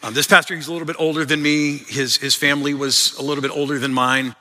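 A male pastor with a very bright, keen edge to a voice pitched a little above most men's. He preaches in an earnest, conversational way, restarting words as he thinks aloud. His voice rings through a church with a long reverb trailing each phrase. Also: level tone, fast talker. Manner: earnest, conversational, frequent word repeats. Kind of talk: sermon. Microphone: microphone. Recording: long reverb in a large hall.

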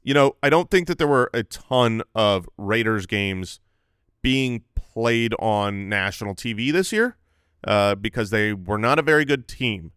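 A man co-hosting a fantasy football podcast, talking in a relaxed, conversational way with filler phrases. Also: lowish voice, a little slow, clear, resonant tone, dry recording, clean studio sound. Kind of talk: casual sports analysis chat.

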